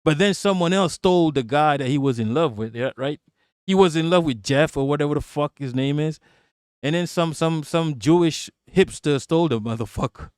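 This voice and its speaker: A man's voice: a little high, moderate pace, clear, resonant tone, no room sound, clean studio sound. A man streaming live, talking straight to his chat in a blunt, rambling, profane manner and laughing often between remarks. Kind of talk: live-stream political commentary.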